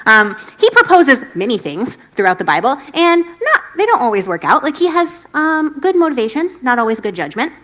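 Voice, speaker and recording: A woman's voice: sits high, sing-song, moderate pace, hardly any pauses, a bit bright. A woman pastor giving a casual sermon, chatty and self-deprecating, laughing often and acting out the quotes. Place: church stage.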